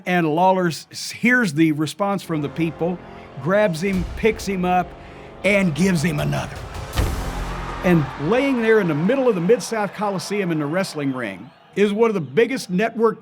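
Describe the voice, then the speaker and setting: Animated older man telling a story. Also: fairly high pitch. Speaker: wrestling historian. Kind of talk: storytelling interview.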